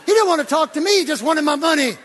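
An older man preaching, telling a story from the pulpit, swinging between low, quiet asides and loud, excited outbursts. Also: fast. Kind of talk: sermon storytelling. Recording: long reverb of a large hall.

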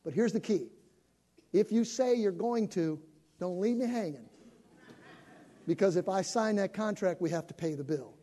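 Fired-up older pastor, high voice. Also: male voice, moderate pace, pauses often. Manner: animated, building to shouting. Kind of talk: sermon announcement to a congregation. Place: church sanctuary. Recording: long reverb of a church hall.

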